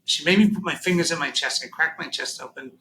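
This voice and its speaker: A man telling a deeply personal story as a podcast guest, halting and emotional, near tears, with many fillers and restarts. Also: pushed and bright, a little hiss or hum, poor audio.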